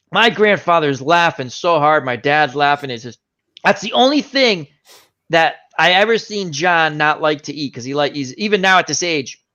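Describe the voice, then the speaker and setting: A man hosting a casual chat, telling an animated anecdote and acting out the voices of the people in it. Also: fairly high pitch. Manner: animated anecdote teller, acts out quoted voices. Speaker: host. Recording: dull lo-fi stream audio.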